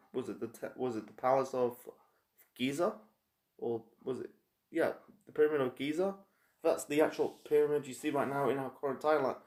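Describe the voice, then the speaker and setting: A man casually reviewing a TV episode, rambling and halting with lots of fillers and restarts. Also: medium pitch, darkish tone. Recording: echoey room.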